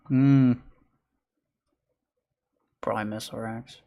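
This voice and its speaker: A male gaming streamer talking casually to his live chat. He answers viewers' questions in a loose, offhand way and slips into low mutters while he plays. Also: steady tone, a little slow. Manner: chatty, reads and answers chat, mutters during play. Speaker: gaming livestreamer.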